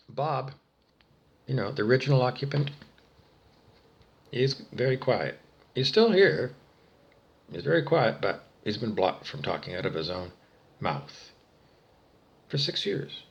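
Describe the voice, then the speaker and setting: A man ranting angrily and profanely to the camera, swinging between low muttering and loud outbursts. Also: gravelly, slight background noise. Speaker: vlogger. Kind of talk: angry solo rant to camera.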